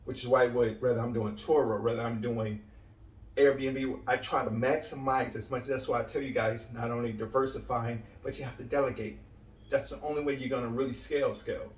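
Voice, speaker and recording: A man's voice: medium pitch, darkish tone. Blunt man coaching, distant roomy mic. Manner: blunt and direct, ends points with "right?" and "okay?"; repeats key lines for emphasis. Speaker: cleaning business coach. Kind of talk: motivational coaching talk. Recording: roomy sound from a distant mic with faint background noise.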